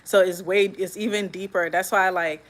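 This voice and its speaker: A woman's voice: fairly low pitch, fairly even intonation, normal speed, low-quality recording. A young woman from Liberia, chatting casually as she hosts a live cooking stream at home and answers viewer comments while she cooks. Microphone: phone.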